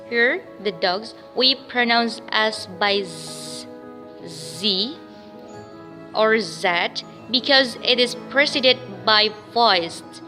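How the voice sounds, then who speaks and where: Slow, bright-voiced woman teaching pronunciation. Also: a little high, big-room sound, soft background music, low-quality recording. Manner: slow, repeats words and sounds for drilling. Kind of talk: pronunciation lesson with drills.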